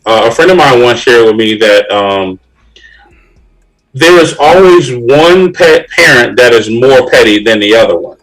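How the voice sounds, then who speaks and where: A man's voice: fairly low pitch, poor audio. A man from upstate New York hosting a casual podcast over a video call, loose and easygoing, with plenty of ums and laughs. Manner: relaxed, with frequent fillers and laughs. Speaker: podcast host.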